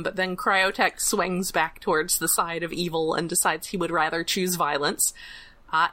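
A woman podcast co-host giving a chatty, casual episode recap, laughing often and filling pauses with "uh". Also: on the low side, sharp tone, poor audio.

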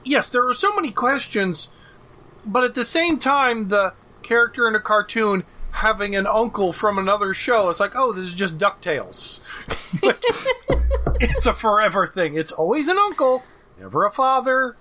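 Male co-host, high bright voice, animated and laughing, casual podcast banter. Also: moderate pace. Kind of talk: casual chat about cartoons.

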